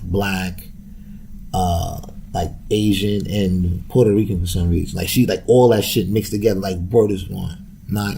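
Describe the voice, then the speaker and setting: A man's voice: on the low side, creaky, mellow, a little hiss or hum. A young man hosting a podcast, ranting casually with loose street slang, profanity and laughter. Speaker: podcast host.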